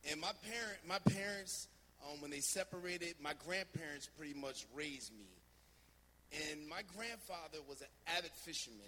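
Bright, lively preacher man. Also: a little high, normal speed, big-room sound. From New Jersey. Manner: lively, anecdotal, many fillers. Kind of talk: storytelling sermon. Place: church sanctuary.

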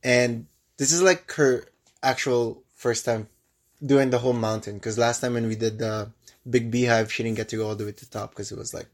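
A young man co-hosts a casual podcast, animatedly telling a travel story while doubling back and restarting sentences. His mid-range voice keeps fairly even intonation at a moderate pace.

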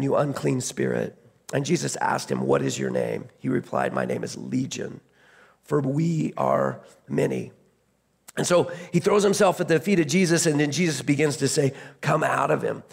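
A man's voice: a little high, vocal fry, husky. A man preaching a sermon as pastor, retelling a scripture story in a conversational way, often restarting his phrases.

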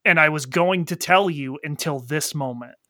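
A man's voice: on the high side, moderate pace, sharp tone, no echo, clean studio sound. A man voicing a stern older male yakuza mentor who lectures a younger man in a blunt way.

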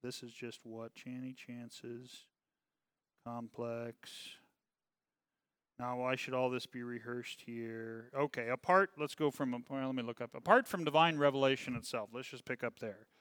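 A man's voice: steady tone, unhurried, fairly bright tone, clean tone, no echo. Man lecturing, dry close sound. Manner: reads aloud then breaks off to comment, asking "okay?" and "right?"; volume rises and falls widely, dropping low on asides. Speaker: teacher; religious teacher. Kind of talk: classroom lecture reading from a text.

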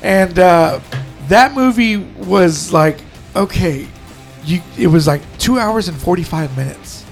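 A man's voice: high-pitched, lively intonation, slow, gravelly, soft background music. A man co-hosting a casual podcast chat, telling rambling, profane stories full of restarts. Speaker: podcast co-host.

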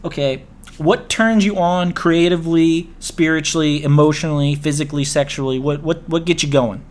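A man with a somewhat raised pitch hosts a relaxed podcast conversation. He is laid-back, laughs easily and swears casually as he leads the talk. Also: normal speed. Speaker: podcast host. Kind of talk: casual chat.

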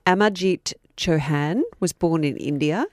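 A woman with a deep, low voice recounts a true crime case over casual podcast banter. She teases her co-host as she goes, and the sound is dry and close. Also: unhurried, dry recording. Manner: chatty, teasing, laughs easily. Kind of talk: casual storytelling chat.

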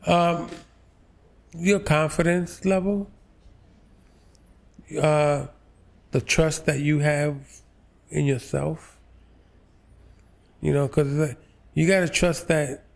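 A man in his sixties from New York's Lower East Side, an actor telling stories in an interview, slow and halting with many fillers. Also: creaky. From New York, Lower East Side. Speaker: actor, guest. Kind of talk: relaxed interview storytelling.

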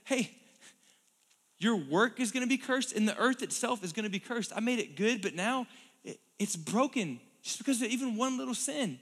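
A man voicing God as a grave, disappointed father figure who scolds slowly and sorrowfully. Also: very high voice, lively intonation, a bit bright, full character voice. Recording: long hall reverb.

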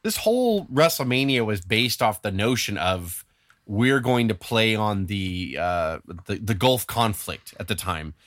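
A man co-hosting a podcast chats casually and tells a story, acting out the quotes with animation. His voice sits lowish and a little slow, captured in a dry, studio-quality recording.

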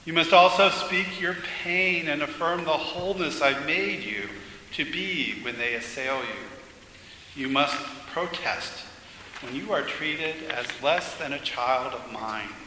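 A man reading aloud as God, speaking calm, soft and firm. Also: on the high side, takes it slowly. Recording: echoey hall with faint noise.

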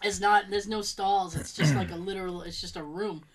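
A woman telling a long story in casual chat, animated and laughing as she acts out what people said. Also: fairly low pitch, moderate pace, rough recording.

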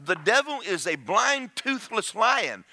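A man's voice: high-pitched, very animated, measured pace, bright, forceful tone, no echo. A middle-aged man preaching a sermon, joking and acting out quoted voices.

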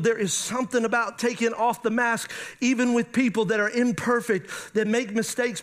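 A pastor delivers a lively sermon in a high, ringing voice. He keeps turning to his congregation with questions and talks with animated energy. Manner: animated preaching, asks the audience questions.

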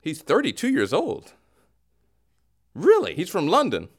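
A man hosts a casual sports talk show and rants with lively energy. His pitch sits a little high and swings widely as he pokes fun at the coverage. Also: a little slow. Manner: animated, ranting with mock voices. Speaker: podcast host.

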